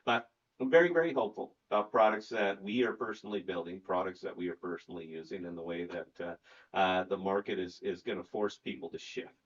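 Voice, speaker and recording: A man's voice: deep voice, fairly quick, highs cut off. A man hosting a casual crypto podcast, loose and jokey, rambling with lots of restarts. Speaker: podcast host.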